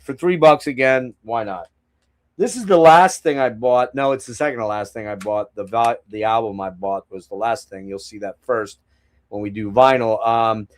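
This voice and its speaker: This is a middle-aged man hosting a casual live stream in a voice of ordinary pitch. He rambles from one thing to the next, swears without thinking about it, and talks straight to his viewers. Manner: rambling, profane, chatting to viewers. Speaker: collector streaming a haul show.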